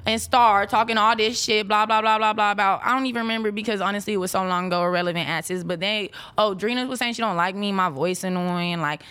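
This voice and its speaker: A woman in her twenties, a former reality show cast member, venting in a brash, profane, rapid-fire rant during a casual chat. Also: mid-range voice, fairly even intonation, pushed and bright, clear, resonant tone. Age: 20s.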